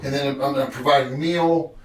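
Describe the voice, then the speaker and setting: A man's voice: mid-range voice, fairly even intonation, brisk. A man telling family stories earnestly, acting out quotes in a casual conversation. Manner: earnest, storytelling, acts out quotes. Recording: echoey room, from a distance.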